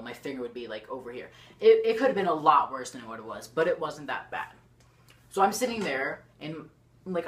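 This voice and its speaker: Speaking straight into her camera, a teenage girl with a deep, low voice rambles through a storytime vlog. Her YouTube delivery swings excitably, packed with "like" and frequent restarts.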